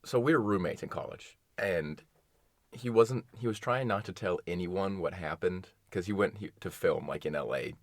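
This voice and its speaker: A young man with a deep voice tells stories and teases his friend in relaxed podcast banter, jumping in with quick asides. The recording is dry and close. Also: no room sound. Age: young adult. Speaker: podcast co-host. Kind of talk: casual chat.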